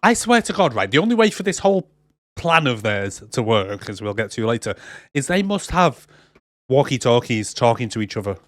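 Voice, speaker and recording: A man co-hosts a casual film podcast, retelling scenes with put-on voices and plenty of swearing. His pitch swings widely as he talks. The recording is dry and close. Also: sing-song, a little fast, fairly bright tone, no room sound. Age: adult with a daughter. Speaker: podcast co-host. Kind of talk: casual film-review chat.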